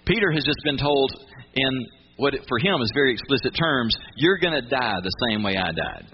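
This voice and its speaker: A male pastor preaches a relaxed, conversational sermon and keeps putting questions to his listeners. His voice comes through a dull, muffled radio broadcast with a steady hiss underneath. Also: medium pitch, moderate pace.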